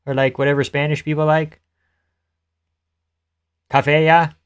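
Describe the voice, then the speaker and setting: A male live streamer with a slightly high, clean-toned voice speaks a little slowly and in a level tone. Loose, joking, and profane, he laughs often while casually commentating on fights and reading chat.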